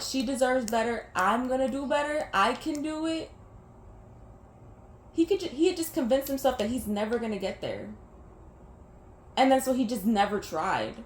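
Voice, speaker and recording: A young woman talking casually over gameplay, venting candidly and rambling, swearing freely. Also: high-pitched. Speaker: gaming vlogger. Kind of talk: casual gameplay chat mixed with personal venting. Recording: echoey room with faint background noise.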